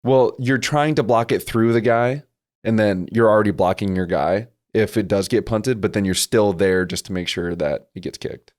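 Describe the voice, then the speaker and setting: A man's voice: on the low side, normal speed, darkish tone. A young man co-hosting a casual sports podcast, patiently explaining football plays and rules. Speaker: podcast co-host.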